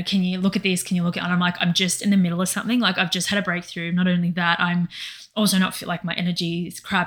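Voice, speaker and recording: Rambling woman co-host, low voice. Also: fairly bright tone. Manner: rambling, emotional, quotes herself often. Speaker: podcast co-host. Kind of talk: casual personal chat.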